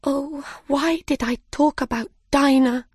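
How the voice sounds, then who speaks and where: A woman reading aloud, voicing a fretful young girl in a storybook with a high, excited tone. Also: takes it slowly, no echo, studio quality. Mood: upset.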